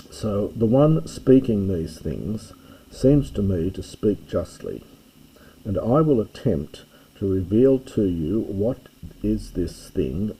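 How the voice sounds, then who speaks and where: An older man teaching a classics lesson, reading an ancient text line by line and explaining each word slowly and carefully. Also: low voice, warm tone, slightly rough, low-quality recording.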